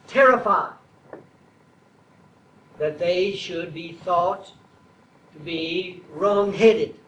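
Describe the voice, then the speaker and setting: A man preaching a sermon slowly and deliberately, building to emphatic, repeated declarations. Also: high-pitched, a bit bright, roomy sound, recorded from a distance, a little hiss or hum, rough recording. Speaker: traditionalist Catholic preacher.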